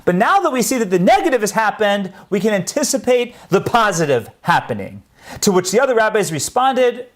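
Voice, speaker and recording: Animated male history lecturer. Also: high-pitched, fairly quick. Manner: animated storytelling, acting out quotes. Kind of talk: storytelling lecture.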